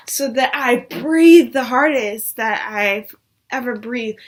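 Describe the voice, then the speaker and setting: A woman's voice: fairly high pitch, normal speed. A young woman vlogger telling a personal story in a casual chat, saying "like" a lot. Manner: chatty, says "like" a lot.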